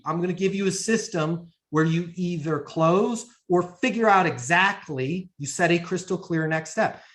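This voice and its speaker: A man's voice: sits high, pushed and bright. A man running a sales training session over a video call, coaching emphatically and acting out short sales dialogues. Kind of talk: sales training talk to a live audience.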